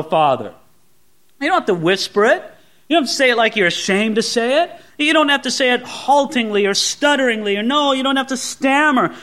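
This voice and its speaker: A man preaching a sermon in an earnest way, rising to loud exclamations and dropping to soft, tender asides. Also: very high voice. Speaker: pastor.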